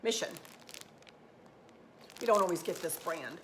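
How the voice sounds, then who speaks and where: A woman's voice: on the low side, animated, unhurried, a bit bright, a little hiss or hum. Rambling woman vlogger. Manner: rambling, repeats herself, southern turns of phrase. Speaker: craft channel host. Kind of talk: unscripted casual vlog talk.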